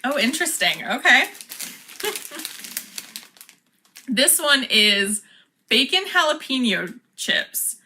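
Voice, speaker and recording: A woman's voice: high voice, very animated, slow pace, long pauses, sharp tone, a little hiss or hum. A woman chatting casually as she unboxes and taste-tests snacks, laughing often. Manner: chatty, laughs often, reads product cards aloud. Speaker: vlogger.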